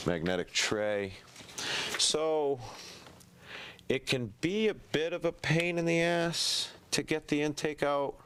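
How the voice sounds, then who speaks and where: A man with a slightly low voice and a stuffy, congested sound talks through a car repair in a relaxed, chatty way, dropping fillers and dry asides. His mouth breathing comes through up close on a quality mic, and a faint noise sits underneath. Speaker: home mechanic. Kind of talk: casual how-to narration while working. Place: garage, working on a car engine. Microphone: good-quality mic picking up breathing.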